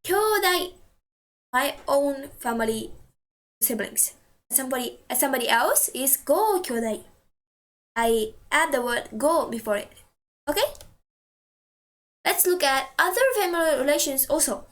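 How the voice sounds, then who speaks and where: High-voiced woman teaching words. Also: expressive, a bit bright. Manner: patient, repeats words slowly for practice. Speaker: Japanese language teacher. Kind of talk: explaining language lesson.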